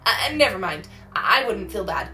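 Woman reading as a gentle, worried mother. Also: mid-range voice, very animated, moderate pace, slight background noise. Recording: roomy echo, faint music.

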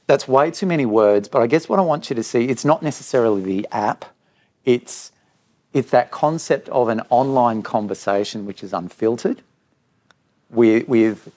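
A man, a school director of middle years, talking candidly at a live parent evening and telling stories with quoted dialogue. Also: medium pitch. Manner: candid storytelling, animated when quoting others. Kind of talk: speaking at a live parent info night.

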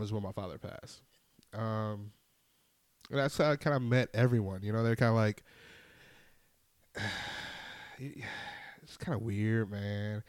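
A man's voice: on the low side, smooth, no room sound. A young man, hosting a podcast and telling a candid personal story in a casual monologue. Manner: candid, storytelling with animated acted-out quotes and swearing. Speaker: podcast host.

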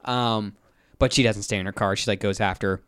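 A man's voice: lowish voice, fairly even intonation, fairly quick, fairly bright tone, clear, resonant tone, no room sound, clean studio sound. A man hosting a podcast, casually recapping a movie plot with lots of filler words. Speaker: podcast host. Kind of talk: casual film recap chat.

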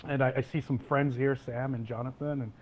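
A man's voice: mid-range voice, steady tone, fairly quick, dull audio. Thoughtful male guest explorer. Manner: thoughtful, articulate with light fillers. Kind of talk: casual interview chat.

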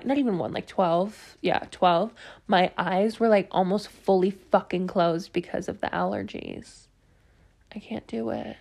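A young woman hosting a podcast, talking in a rambling, confessional way, full of swearing and "like" fillers. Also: mid-range voice. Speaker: podcast host. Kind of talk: casual confessional monologue.

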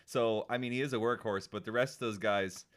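A man's voice: lowish voice, steady tone, fairly quick, a bit bright. A man co-hosting a podcast, jokey and teasing, laughing often. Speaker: podcast co-host. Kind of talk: casual podcast chat.

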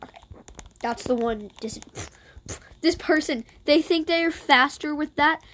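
High-voiced woman muttering sarcastic game commentary. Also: unhurried, a bit bright, slight background noise. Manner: chatty, sarcastic, muttered asides. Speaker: gameplay streamer. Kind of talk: casual gameplay commentary.

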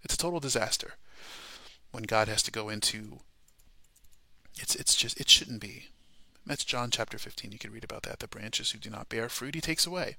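A man's voice: on the low side, normal speed, creaky, pauses often, pushed and bright, no room sound. A man preaching a sermon, emphatic and repetitive, peppering his points with rhetorical questions.

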